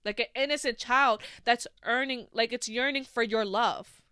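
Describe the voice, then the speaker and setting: Young woman, solo podcast host, blunt and profane, bright smooth voice, dry close sound. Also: a little high, moderate pace, no echo. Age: 20s. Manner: frank and heavily profane, full of "like" fillers. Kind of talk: candid solo podcast monologue.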